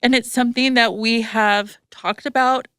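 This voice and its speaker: A woman's voice: on the high side, fairly even intonation, normal speed, fairly bright tone, clean tone, no room sound, clean studio sound. A woman in her thirties hosting a podcast, telling stories animatedly and acting out the voices she quotes. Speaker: podcast host. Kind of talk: casual chat.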